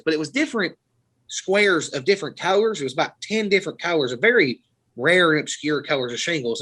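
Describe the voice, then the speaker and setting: A man's voice: fairly high pitch, fairly bright tone, husky, rough recording. A man from Florida, a podcast host telling rambling, profane stories in casual chat. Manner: rambling, profane, laughing storyteller.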